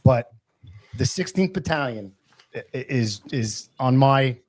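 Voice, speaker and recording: A man, a retired firefighter, answers bluntly and sticks to his view. He has an ordinary middle-pitched voice. The recording is dry and close, with no room sound. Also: lively intonation, dry recording. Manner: blunt, swears freely, measured when answering. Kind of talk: casual chat.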